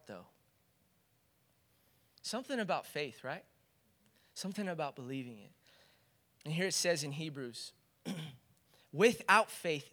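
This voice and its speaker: A man's voice: sits high, sharp tone. A man preaching a sermon as pastor, earnest and building into fervent exhortation.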